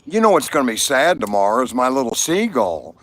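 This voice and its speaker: A man talks casually on a livestream, greeting viewers and telling jokes at a relaxed, easygoing pace. His pitch sits in the middle of the range, and his delivery is loose and playful. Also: brisk. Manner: chatty, jokey, talks to viewers. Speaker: livestream host.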